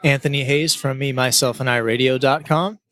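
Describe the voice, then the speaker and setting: Fast-talking jokey man. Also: medium pitch, steady tone, a bit bright. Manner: quick, jokey. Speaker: podcast host, guest. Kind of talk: casual chat.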